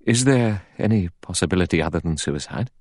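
A man's voice: low voice, animated, brisk, darkish tone, dry recording, clean studio sound. A man voicing a brusque, grave middle-aged doctor who speaks matter-of-factly.

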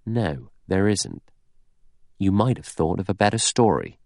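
A man's voice: low-pitched, sing-song, measured pace, gravelly, darkish tone, no echo, clean studio sound, heavily acted. A man playing a stolid, suspicious man. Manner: stolid and blunt.

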